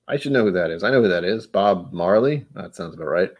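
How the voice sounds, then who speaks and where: A man with a fairly low voice hosts a casual chat, and his pitch swings up and down as he talks. He rambles, pokes fun at himself and slips into silly accent bits. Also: lively intonation, fast talker, muffled recording. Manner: rambling, self-mocking, breaks into joke accents. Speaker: host.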